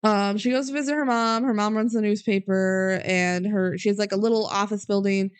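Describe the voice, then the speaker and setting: A woman's voice: medium pitch, fairly even intonation, brisk, clear, resonant tone. A young adult woman co-hosting a podcast, chattily recapping a movie with lots of "like" and "um". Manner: chatty, fillers like "like" and "um", acts out quotes. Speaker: podcast co-host. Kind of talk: casual movie recap chat.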